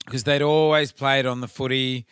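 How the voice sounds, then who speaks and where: A man's voice: mid-range voice, level tone, moderate pace, fairly bright tone, clear, resonant tone, no room sound, studio quality. An Australian man co-hosting a podcast, musing in a rambling, casual way full of fillers. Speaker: podcast co-host. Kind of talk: casual chat.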